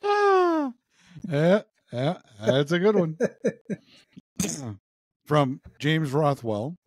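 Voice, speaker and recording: A male podcast co-host retells jokes in casual conversation, playfully raising his voice to play the characters. His pitch swings widely, he stretches out his words, and there's no room sound.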